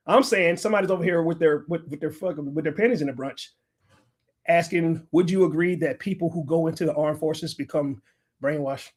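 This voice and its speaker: A middle-aged man hosts a livestream and lectures his viewers in a combative, profane tone. His voice sits fairly high for a man. He argues hard and curses freely. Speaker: livestream host. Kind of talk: ranting livestream commentary.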